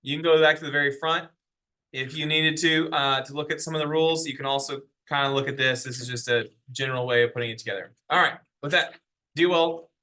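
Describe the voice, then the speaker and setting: Bright-voiced man teaching math. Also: medium pitch, fairly even intonation, fast. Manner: explaining step by step, asking the class questions. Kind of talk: classroom lecture. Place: classroom.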